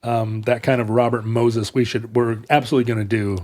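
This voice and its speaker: A man's voice: medium pitch, level tone, a little fast, a little mellow. A man co-hosting a podcast, talking through history in a long, winding, explanatory way. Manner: discursive, explaining history at length. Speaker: podcast co-host. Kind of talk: casual chat.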